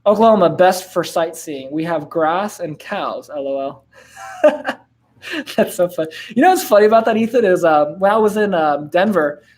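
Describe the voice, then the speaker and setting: A man's voice: high voice, big pitch swings, normal speed, a little mellow. A man in his twenties hosting a casual live-stream Q&A, laid-back and slangy, with lots of fillers and laughs. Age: 20s. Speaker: host answering viewer questions.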